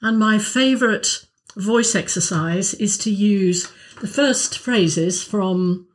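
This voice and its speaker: Woman, voice coach, mid-range pitch, measured, casual podcast chat.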